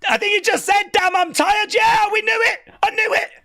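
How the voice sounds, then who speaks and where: A host reacting live and excitedly during a stream, chatting, shouting and laughing between remarks. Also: very high voice, a little fast, vocal fry.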